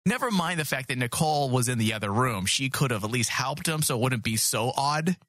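A man co-hosting a comedy podcast, telling crude stories in an animated way. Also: medium pitch, a little fast, dry recording, clean studio sound. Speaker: podcast co-host. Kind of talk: casual comedic chat.

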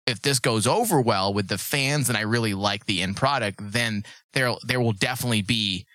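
Brief: male host with a low, bright voice, leading the discussion and asking the others. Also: normal speed, no echo. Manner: steers the talk, explains at length. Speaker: podcast host. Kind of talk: casual chat.

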